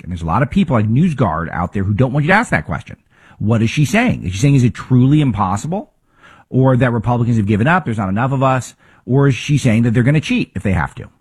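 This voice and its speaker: A man's voice: medium pitch, breathy edge. A man hosting a political talk show, delivering opinionated commentary with emphatic rhetorical questions and frequent restarts.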